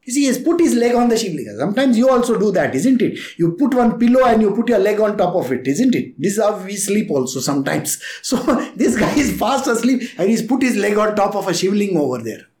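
A man tells a spiritual story in a relaxed, chatty way, chuckling often and slipping into the voices of the people in it. His pitch rises and falls widely. The sound is echoey, as if in a bare room. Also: fairly quick, few pauses.

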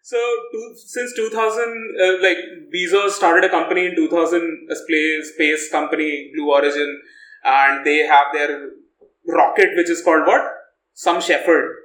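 A man's voice: fairly high pitch, steady tone, normal speed, a bit bright, roomy sound, low-quality recording. A man co-hosting a casual podcast chat, laughing often and trailing off mid-sentence. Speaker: podcast co-host.

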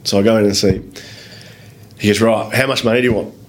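A man with an Australian accent, a guest telling lively anecdotes in a casual interview, swearing freely and acting out other people's lines. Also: fairly low pitch, fast talker. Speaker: guest, business owner. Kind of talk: casual storytelling in a podcast interview.

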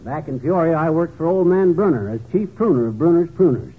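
A man's voice: a little high, animated, brisk, background noise, close to an everyday voice. A man playing a blustering braggart husband. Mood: bragging. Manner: blustering, tongue-twisting wordplay. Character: boastful tall-tale-telling middle-aged husband. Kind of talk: 1940s radio comedy acting. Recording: tinny old radio broadcast.

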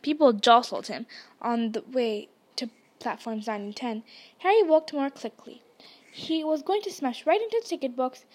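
A woman reads a novel aloud with expressive storytelling. Her voice sits high. The reading is even and engaging. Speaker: audiobook reader.

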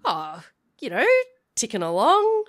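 A woman's voice: mid-range voice, wildly swooping pitch, unhurried, fairly bright tone, heavily acted. A woman voicing a friendly male secretary answering the office phone in a cheerful, casual tone.

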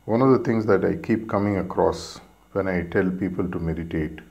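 A man who teaches meditation gives a reflective storytelling talk. He speaks hesitantly and pauses with frequent fillers. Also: deep voice, vocal fry, a little mellow, muffled recording.

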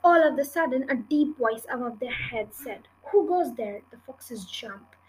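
A woman reading a children's book chapter aloud in an earnest, steady way. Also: sits high, moderate pace, husky, rough recording. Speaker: storybook reader.

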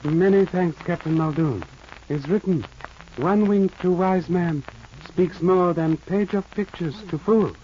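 An actor playing a calm, shrewd detective who speaks in clipped, formal broken English in a 1940s radio drama. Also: male voice, high-pitched, a little slow. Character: shrewd aphorism-quoting Chinese detective, calm. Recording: muffled old radio recording, faint hiss.

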